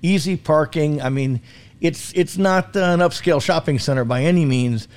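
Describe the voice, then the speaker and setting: A man in casual conversation, recommending local restaurants, often pausing with fillers and restarting as he searches for names. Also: on the high side. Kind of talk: casual chat.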